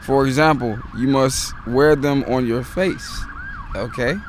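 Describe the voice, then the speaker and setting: A man from Detroit, a street performer, reading one-liners slowly and deliberately outdoors on a city street. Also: mid-range voice, very noisy. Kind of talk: casual joke reading.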